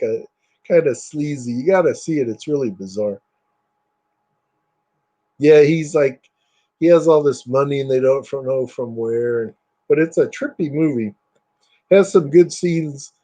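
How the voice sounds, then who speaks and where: Rambling man with a mellow voice. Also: mid-range voice. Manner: rambling, filler-heavy, enthusiastic. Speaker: collector showing items. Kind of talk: casual show-and-tell chat.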